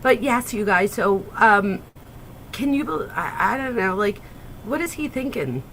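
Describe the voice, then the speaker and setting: A woman in her forties hosting a casual livestream, excitable and gushing, swearing freely as she chats with viewers. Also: medium pitch, unhurried, slight background noise, poor audio. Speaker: livestream host.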